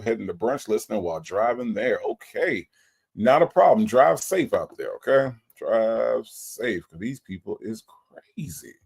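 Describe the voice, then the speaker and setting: A man's voice: on the low side, a little mellow, husky. A man hosting a livestream, greeting viewers by name and reading their chat comments aloud in a casual, sing-song way. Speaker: livestream host.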